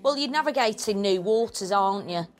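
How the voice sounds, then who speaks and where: A woman joking with her brother as they watch TV, teasing him with quick comebacks and giggling. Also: medium pitch, animated, soft background music. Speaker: TV viewer commenting. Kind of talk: casual banter with her brother.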